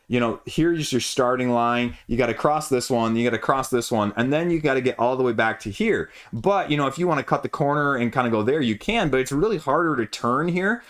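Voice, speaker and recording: A man hosting his own board game channel, chatting casually through an unboxing in a rambling way and correcting himself as he goes. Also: mid-range voice.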